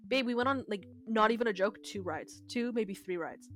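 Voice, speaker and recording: A young woman co-hosting a podcast, telling a long story in casual chat, animated and full of swearing and laughter. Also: a little high, moderate pace, faint music behind. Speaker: podcast co-host.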